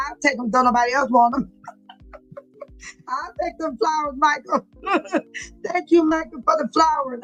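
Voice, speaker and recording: Give me a chatty woman hosting a livestream with a fairly high voice. She reads viewer comments aloud and greets each person by name. She laughs often as she talks. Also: a bit bright, low-quality recording. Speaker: livestream host. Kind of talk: casual livestream chat, reading comments aloud.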